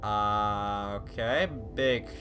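A young man giving casual let's-play commentary, swearing often and bursting out excitedly between mumbled asides. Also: on the low side, very slow, music in the background. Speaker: gameplay video host.

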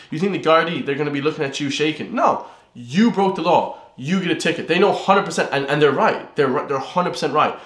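A man's voice: medium pitch, fairly bright tone. Blunt man, roomy echo. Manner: rambling, blunt, swears, keeps saying "guys". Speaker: fitness vlogger. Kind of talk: motivational monologue.

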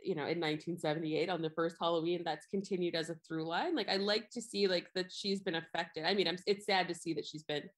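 A young woman with a fairly low voice co-hosts a casual podcast. She rambles in a chatty way, full of "like" and "um," and laughs often. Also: steady tone, fast talker, hardly any pauses. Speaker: podcast co-host. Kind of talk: casual chat about a film.

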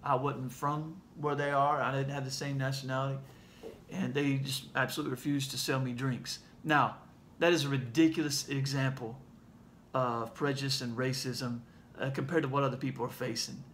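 A man with a Southern accent sharing a heartfelt message in a casual video, speaking earnestly and haltingly, with many fillers. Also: medium pitch, level tone, a bit bright, a little hiss or hum. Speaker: ministry leader sharing a message.

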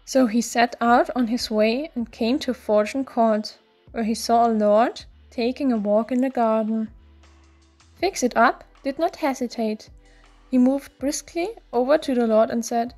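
A woman narrating a fairy tale in a gentle, even storybook reading. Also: a little high, unhurried. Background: faint music.

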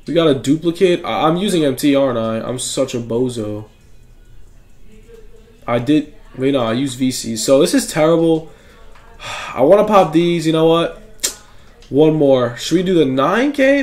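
A young man giving casual commentary while opening game packs, excitable, swinging from gloomy muttering to shouted joy. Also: on the high side. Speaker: gaming YouTuber.

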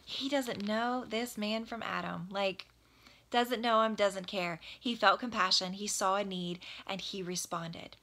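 A woman's voice: mid-range voice, fairly even intonation, measured pace, pushed and bright. Earnest woman teaching the Bible. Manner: earnest, exhorting; repeats phrases for emphasis.

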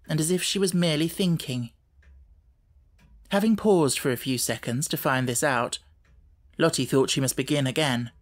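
A man reading a classic children's novel aloud as an audiobook narrator, in measured, even storytelling. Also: mid-range voice. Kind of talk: scripted narration.

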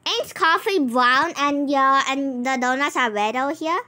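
A woman's voice: sits high, unhurried, pushed and bright, a little hiss or hum. A woman hosting a gaming channel, chatting to a co-player and to viewers as she narrates a role-play game.

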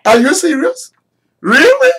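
A preacher voicing an overjoyed, newly promoted man, putting on an Indian English accent and exclaiming rapidly in disbelief. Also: slightly rough, heavily acted. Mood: overjoyed, disbelieving. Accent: Indian English (imitated). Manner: rapid, exclamatory, high and excited.

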